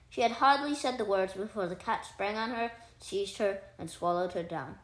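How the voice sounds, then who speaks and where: A woman reads a fairy tale aloud in a calm, measured way. Her voice sits in a middle range. The room around her is roomy and echoing. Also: medium pitch. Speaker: storyteller. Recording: roomy echo.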